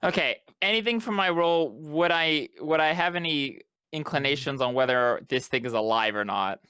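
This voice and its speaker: A man playing in a tabletop game, asking quick, matter-of-fact questions. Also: on the high side, pushed and bright, smooth, no room sound, studio quality. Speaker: player. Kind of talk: casual chat at the game table.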